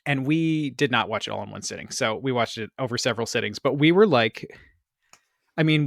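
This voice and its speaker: A man's voice: medium pitch, expressive, moderate pace, vocal fry, dry recording, studio quality. A man co-hosting a podcast in casual chat, talking in a rambling way with lots of restarts. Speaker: podcast co-host.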